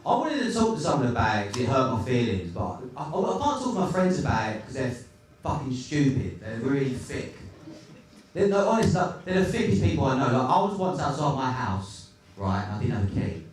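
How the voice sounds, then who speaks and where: Crude stand-up comic, echoey club. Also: male voice, mid-range voice, big pitch swings, fairly quick, distant mic. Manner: crude, sardonic, rambling. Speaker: stand-up comedian. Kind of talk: stand-up comedy set. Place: comedy club stage. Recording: echoey club, recorded from afar, noisy.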